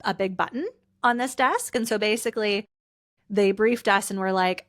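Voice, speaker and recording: A woman's voice: mid-range voice, fairly even intonation, moderate pace, a bit bright. A woman from Canada hosting a casual solo podcast, chatty and full of fillers, sounding tired and a little teary. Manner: chatty, lots of "like" fillers, laughing through tears. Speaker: podcast host and personal brand coach.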